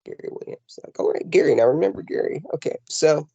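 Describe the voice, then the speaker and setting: A man's voice: a little high, quick pace, vocal fry, breathy edge, dry recording, dull audio. Rambling man telling a ghost story. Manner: rambling, animated, lots of fillers and restarts. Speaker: paranormal investigator guest. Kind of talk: casual storytelling in an interview. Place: home in the mountains. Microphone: video call.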